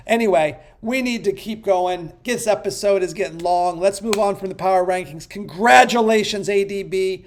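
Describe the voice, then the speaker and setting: A man hosting a podcast, counting down rankings, swinging between hyped shouting and muttered asides. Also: high-pitched, measured pace. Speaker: podcast host.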